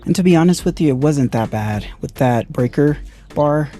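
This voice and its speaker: Mellow man talking through a repair. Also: a little high, animated, moderate pace, faint music behind. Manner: thinks aloud while working, loose and conversational. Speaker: car DIY reviewer. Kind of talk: casual hands-on walkthrough.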